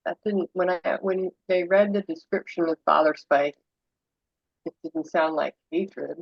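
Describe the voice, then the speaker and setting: A woman's voice: fairly low pitch, measured pace, creaky, dry recording. A woman in a church book study group, asking casual, puzzled questions, on a dull recording. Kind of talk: casual discussion.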